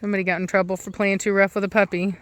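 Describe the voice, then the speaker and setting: A woman's voice: mid-range voice, flat delivery, rapid-fire, fairly bright tone. A woman dog breeder chatting casually outdoors in her yard, rambling and admiring as she films her dogs. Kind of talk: casual vlog commentary.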